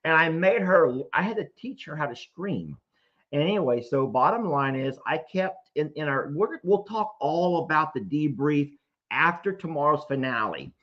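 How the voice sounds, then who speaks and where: A man hosting a casual live show, telling stories in an animated way, often laughing. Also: a little high, moderate pace. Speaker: host. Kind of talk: casual livestream chat. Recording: dull lo-fi stream audio.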